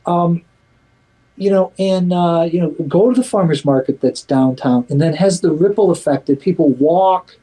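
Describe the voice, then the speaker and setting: A man's voice: fairly high pitch, moderate pace, dark tone, poor audio. A man being interviewed as a community activist, talking casually and emphatically with many fillers and restarts, and acting out quotes in a livelier voice.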